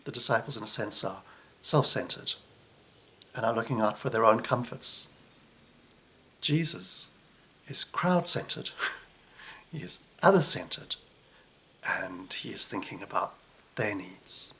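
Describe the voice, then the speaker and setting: A man delivering a reflective sermon, unhurried, often dropping soft and low at the ends of phrases. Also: lively intonation. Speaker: preacher.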